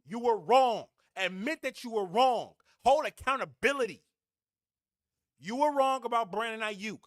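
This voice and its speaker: A man's voice: extremely high pitch, animated, a little slow, no echo, studio quality. A man hosting a fan podcast, delivering a blunt, heated, preachy sports rant.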